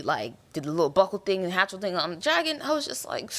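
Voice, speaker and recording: A woman's voice: fairly low pitch, very animated, takes it slowly, pauses often, a bit bright. A young woman hosting a podcast, recapping a TV episode in casual, slangy and emotional chat. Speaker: podcast host.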